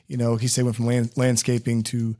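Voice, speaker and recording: A man's voice: mid-range voice, completely flat delivery, fairly quick, warm tone. A male podcast host with a mid-range voice who talks loosely and jokes around. He rambles between questions and laughs easily at his own asides. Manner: joking, rambling, laughs a lot. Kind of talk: casual interview chat.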